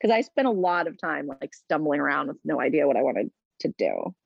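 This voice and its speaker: A woman's voice: sits low, big pitch swings, a little fast, vocal fry, slightly rough, no echo. Chatty earnest woman, dry dull sound. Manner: chatty, earnest, many fillers like "like" and "you know". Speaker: interview guest, postpartum doula business founder. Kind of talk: casual interview conversation.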